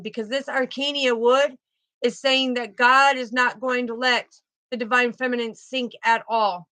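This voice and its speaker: A woman's voice: on the high side, steady tone, measured pace, sharp tone, no room sound. A woman giving an emphatic spiritual tarot reading and repeating her key phrases. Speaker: tarot card reader.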